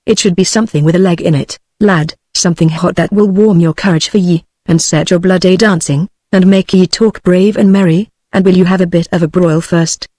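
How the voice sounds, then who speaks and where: A woman's voice: lowish voice, fairly even intonation, a little fast, few pauses, warm tone, no room sound, lightly acted. British woman TTS reading a kindly old housekeeper. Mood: coaxing. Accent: British English. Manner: plain synthetic reading, no change of voice.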